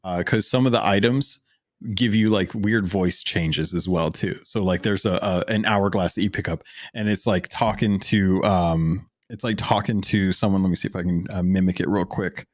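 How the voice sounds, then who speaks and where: A podcast co-host chats casually about video games in a low, steady voice at a moderate pace. He rambles with lots of fillers and restarts, and the studio recording is clean with no echo.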